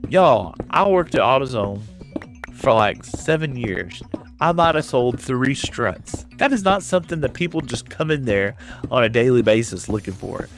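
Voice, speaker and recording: A streamer from West Texas with a Texan accent chats casually and tells rambling stories to his viewers while playing a game. His mid-range voice is very animated and moves at a normal speed, with faint music in the background.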